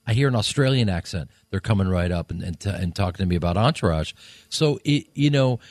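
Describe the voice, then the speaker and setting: A man's voice: low voice, animated, a little mellow, no echo. A man from Chicago, a comedian guest, chatting in a rambling, self-mocking way on a radio show. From Chicago, USA. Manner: rambling, self-mocking, quick to slip into voices. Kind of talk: casual radio interview chat. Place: radio studio.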